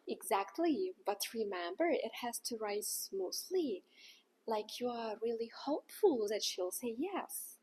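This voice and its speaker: A woman teaching in a scripted lesson, acting out each sound with exaggerated pitch. She speaks slowly, and her breathy voice sits on the higher side. Her intonation swings widely. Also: lively intonation, darkish tone. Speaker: language teacher.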